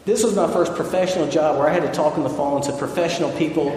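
A man's voice: a little high, fast talker, darkish tone, slight background noise. A man in his thirties preaching a sermon as pastor, earnest and building through repeated lines. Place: church sanctuary. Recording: echoey church hall.

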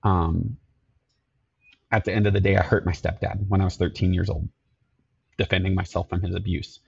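Low gravelly-voiced man telling his story. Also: little pitch movement, dull audio, a little hiss or hum. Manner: earnest, halting, repeats himself. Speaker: podcast guest, security company owner.

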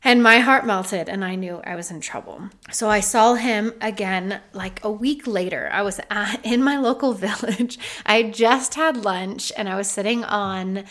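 Woman host, 30s, reflective personal storytelling, earnest and lively. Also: medium pitch, measured pace, few pauses. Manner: earnest, reflective, animated when retelling. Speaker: podcast host.

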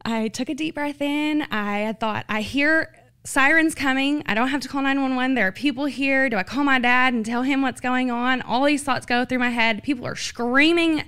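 Brief: a woman giving a testimony, high and crisp, earnest. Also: normal speed, sharp tone. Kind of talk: personal testimony.

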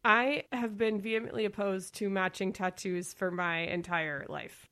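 A woman's voice: medium pitch, fairly even intonation, moderate pace, a bit bright, dry recording. Chatty woman co-host, dry close sound. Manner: chatty, laughs often, trails off and restarts. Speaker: podcast co-host. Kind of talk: casual chat.

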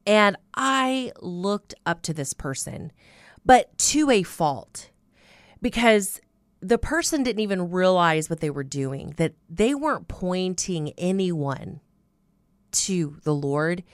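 Slow, earnest woman telling her faith story. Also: medium pitch, animated, no room sound, clean studio sound. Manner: earnest, storytelling, with repeated fillers. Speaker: host of a Christian radio show. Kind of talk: personal faith testimony.

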